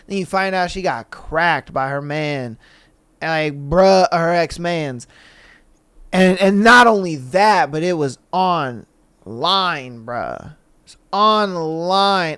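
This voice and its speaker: A man hosting a podcast, reacting loudly and recapping a story in slangy casual chat. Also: high-pitched, slow pace, clear, resonant tone, no echo. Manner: animated, shouts reactions, slangy. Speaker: podcast host.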